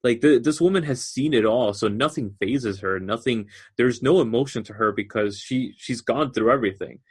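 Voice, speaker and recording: A man's voice: mid-range voice, normal speed, breathy edge. A man co-hosting a podcast in casual chat, animatedly explaining book lore at length. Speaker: podcast co-host.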